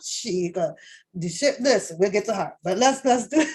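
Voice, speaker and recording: A woman's voice: mid-range voice, lively intonation, unhurried, long pauses, breathy edge. A woman hosting a reaction channel, rambling through casual commentary on a reality show with lots of swearing, restarts and laughter. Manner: rambling, profane, laughs often, many restarts.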